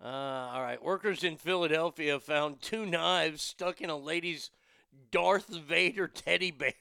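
A man's voice: a little high, measured pace, creaky, bright, forceful tone, clean tone, no echo, studio quality. A man hosting a podcast, reading odd news stories and ranting about them with crude, profane, mocking outrage. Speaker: podcast host. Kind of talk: crude comedic news rant.

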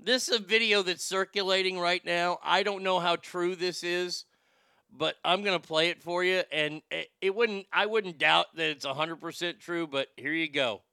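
A man's voice: sits high, normal speed, sharp tone, clean tone, dry recording. A man hosting a talk show, brash and profane, riffing on clips and reading chat, often stammering into restarts. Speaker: show host. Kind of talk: casual commentary reading chat.

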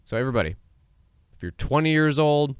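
A man's voice: fairly high pitch, animated, a little fast, clean tone, no room sound, studio quality. A man in his twenties hosting a solo podcast, talking casually and acting out quoted voices, often laughing at himself. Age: 20s. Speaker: podcast host.

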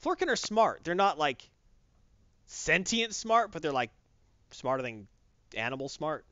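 A man chatting casually about a movie, acting out quotes in quick voices. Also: fairly high pitch, very animated, fairly bright tone, no room sound, dull audio. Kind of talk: casual chat, movie review.

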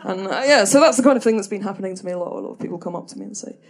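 A woman's voice: medium pitch, expressive, rapid-fire, gravelly. A woman tells a stand-up story in a mid-range voice. She hesitates and restarts a lot, and she is dry and self-deprecating. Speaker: comedian.

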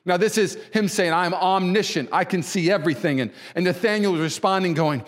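A man preaching a sermon as pastor, conversational and animated, repeating phrases and voicing quoted people. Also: quick pace, few pauses, big-room sound. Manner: voices quoted people with pitch jumps.

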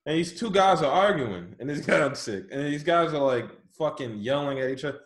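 A man with a slightly high voice tells animated, profane stories in casual chat and laughs often. His voice rings in an echoey office room. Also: a little fast.

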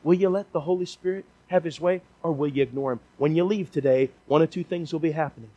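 A man's voice: fairly high pitch, mellow, muffled recording. A man preaching a sermon, earnest and pleading as he calls people forward in a church. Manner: earnest, pleading, slows down for emphasis. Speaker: guest preacher. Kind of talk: sermon closing and altar call. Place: church sanctuary.

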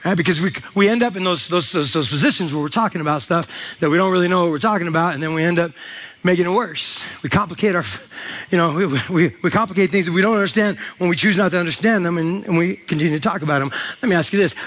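A man's voice: high-pitched, fast, a bit bright. A man preaching a sermon as pastor, retelling scripture in casual slang with voiced asides.

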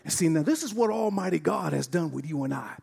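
A man's voice: a little high, animated, fast, creaky, darkish tone, husky, in a large hall. A man preaching a sermon to a church congregation, exuberant and calling out to them. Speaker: pastor. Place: church service.

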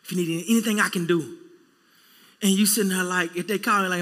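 A male pastor preaching a sermon, casual and animated, acting out quick bits of everyday dialogue. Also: very high voice. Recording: long reverb in a church hall.

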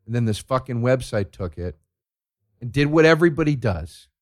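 A man's voice: medium pitch, expressive, normal speed, dry recording. Male comic on a sweary rant, sarcastic, rhetorical-question heavy, mid-range voice, dry close mic. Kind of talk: profane comedic rant.

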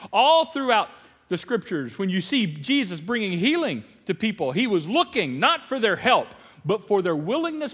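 A man preaching a sermon as pastor, animated, acting out bits of dialogue with laughs. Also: high-pitched, long reverb tail. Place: large church hall.

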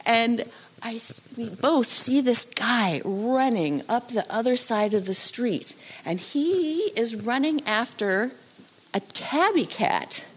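Animated woman telling a story on stage. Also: fairly high pitch, takes it slowly, slightly rough. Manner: animated, acts out voices and sounds. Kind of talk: live true-story telling. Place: theatre stage.

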